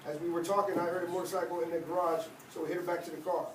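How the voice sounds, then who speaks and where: A man reading a first-person memoir aloud with lively, conversational storytelling. His voice is fairly high for a man and sounds distant from the mic. Faint ambient sound hangs behind him. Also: very fast, slight background noise. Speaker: reader. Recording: echoey room, mic at a distance.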